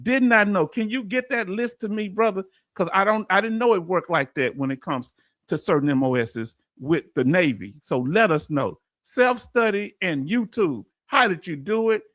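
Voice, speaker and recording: High-voiced Southern man, folksy livestream host. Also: normal speed, no room sound, studio quality. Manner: folksy, preacher-like, animated. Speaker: veterans benefits channel host. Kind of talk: livestream reading viewer comments.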